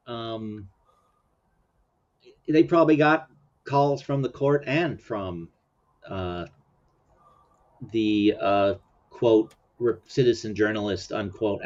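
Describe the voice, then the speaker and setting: A man's voice: mid-range voice, slow pace, long pauses. A man hosting a casual commentary chat, chuckling often and meandering with fillers. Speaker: host. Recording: dull lo-fi sound.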